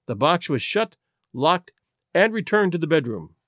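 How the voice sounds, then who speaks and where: A man narrating a classic detective story as an audiobook reader, in an expressive, dramatic way. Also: on the high side, normal speed, no room sound, clean studio sound. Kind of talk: scripted narration.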